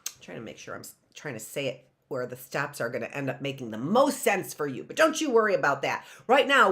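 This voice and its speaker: A woman's voice: on the low side, fairly bright tone. A woman teacher with an American accent giving an online phonics lesson to children, coaxing them to call out answers in a sing-song way.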